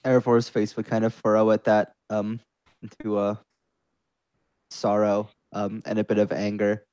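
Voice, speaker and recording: A man's voice: on the low side, completely flat delivery, moderate pace, darkish tone, clear, resonant tone, no echo. A man playing a ranger in a tabletop game, earnest and hesitant. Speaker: player.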